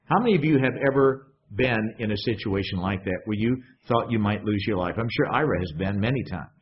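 A pastor with a fairly low voice preaches quickly in a conversational style, often posing questions to the congregation. The lo-fi recording sounds dull, with a little hiss or hum.

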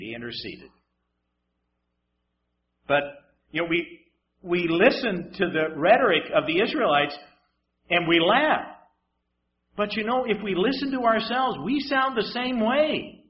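High-voiced preacher with dramatic swings. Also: male voice, lo-fi sound. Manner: dramatic, swinging between loud emphasis and hushed asides, wry humor. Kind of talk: sermon.

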